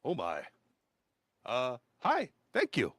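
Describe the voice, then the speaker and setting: A man's voice: medium pitch, huge pitch swings, slow pace, fairly bright tone, no room sound, clean studio sound, voice pushed up, heavily acted. A man voicing a nervous, polite teenage boy scout who stammers and yelps. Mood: flustered. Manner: flustered, stammering, yelping. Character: skittish young male teen scout, nervous, polite.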